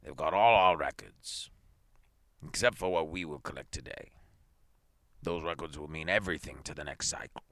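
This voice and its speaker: A man reading aloud, voicing an aged, stern male astronomer in a gruff, hushed voice. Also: very deep voice, moderate pace, pauses often. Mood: grim.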